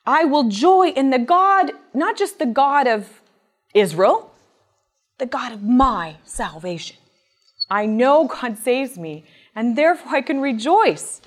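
Woman Bible teacher, slightly high voice, earnest and expressive sermon delivery. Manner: earnest and expressive, voice rising with emphasis; reads scripture aloud in a measured tone.

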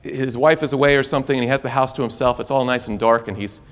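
A man preaching a sermon, telling a story in an animated, conversational way that is full of restarts. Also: mid-range voice, quick pace.

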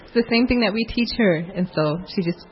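A woman chimes in with short remarks that agree with her husband. She sounds soft and distant from the mic. The recording is dull with faint noise behind it. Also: medium pitch, a little fast. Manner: brief, agreeing interjections. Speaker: host's wife. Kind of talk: casual chat.

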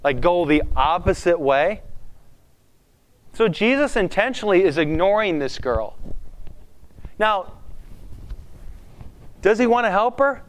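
A man gives a conversational sermon, preaching to a congregation and firing questions at them with animated energy. His voice sits a little high for a man and is smooth and clear. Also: slow pace, long pauses. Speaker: pastor.

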